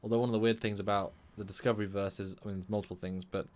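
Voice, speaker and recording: A British man co-hosting a live stream, talking fast and enthusiastically, often restarting his sentences. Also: fairly low pitch, flat delivery, darkish tone. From Britain. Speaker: co-host. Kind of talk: casual live-stream chat.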